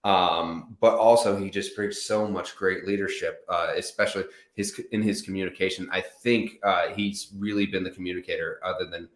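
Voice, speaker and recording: A man's voice: low voice, fairly even intonation, normal speed, few pauses, echoey room. A man from the United States co-hosting a soccer show, chatting casually and often repeating words as he starts sentences. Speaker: podcast co-host. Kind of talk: sports analysis chat.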